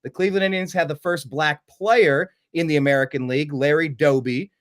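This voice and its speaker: Animated male sports podcast host. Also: on the high side, a little fast. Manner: animated, jumps into mocking voices. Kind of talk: casual sports chat.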